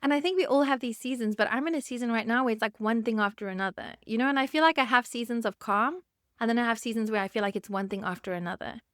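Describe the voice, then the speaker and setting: Woman in her thirties, podcast host, candid, choked up, smooth clear voice, dry close sound. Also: on the high side, quick pace, no room sound. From South Africa. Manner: candid, emotional, laughs softly. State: choked up, near tears. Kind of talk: personal monologue podcast.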